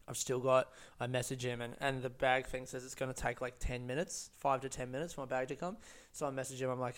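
A man's voice: medium pitch, fairly even intonation, fast, fairly bright tone, smooth. A man telling a personal story in a casual monologue, rambling and profane with many fillers and restarts.

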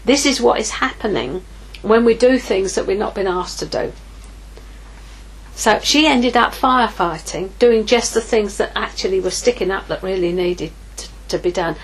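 Speaking at a normal speed with animation, this middle-aged ministry leader preaches informally. She shares a candid personal story and voices her own inner dialogue, her medium pitch carrying a breathy edge through low-quality audio.

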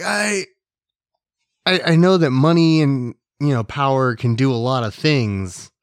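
Male podcast host, laid-back joking ramble with casual swearing, slow delivery, occasional coughs. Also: a little high, dry recording, clean studio sound. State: hiccuping and coughing. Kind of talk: casual solo podcast chat.

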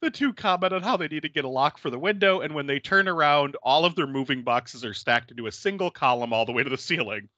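A man hosting a casual movie recap podcast, telling stories in an animated way, laughing often and swearing freely. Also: a little high, quick pace, few pauses, no room sound, dull audio. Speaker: podcast host.

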